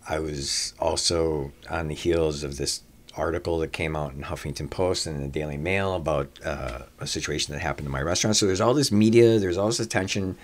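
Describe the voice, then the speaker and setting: A man's voice: a bass voice, fairly quick. A man who runs restaurants, telling personal stories in a conversation, with lots of "uh" fillers and restarts. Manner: long anecdotes with frequent "uh" fillers and restarts; swears casually. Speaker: restaurateur guest.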